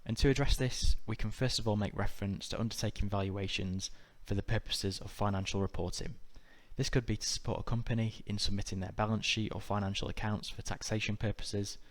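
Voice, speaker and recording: Guy reading out exam prep notes, lowish voice, pretty monotone. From United Kingdom. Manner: measured, even, methodical delivery. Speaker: exam tutor. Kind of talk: scripted instructional narration.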